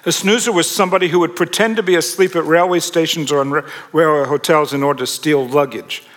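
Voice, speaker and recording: A man with a slightly high voice preaches to a live crowd, mixing jokes and questions into his talk. His voice rings out in a large hall with a long reverb tail. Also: steady tone, fast, a bit bright. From Australia. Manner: humorous storytelling, asks the audience questions. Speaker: pastor. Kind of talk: sermon.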